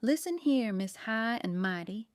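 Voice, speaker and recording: A bossy, folksy older woman baker scolds with fierce protectiveness, as a woman voices her in an audiobook. The voice is smooth and clear, recorded close in a dry space. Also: fairly high pitch, animated, measured pace, no room sound. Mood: scolding. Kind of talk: audiobook character reading.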